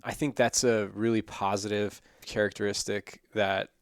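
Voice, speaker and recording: A man who grew up in Iran, a podcast guest talking about parenting in an excitable, animated way. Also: on the low side, normal speed, clear, resonant tone, no room sound, studio quality. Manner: excitable, animated, laughs often. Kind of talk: casual interview chat.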